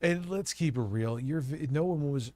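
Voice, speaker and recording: A man's voice: a little high, normal speed, mellow, no echo. Stuffy-voiced male co-host, blunt and mocking, dry sound. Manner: blunt, mocking, swears a lot. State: stuffy from a cold. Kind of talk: profane casual commentary.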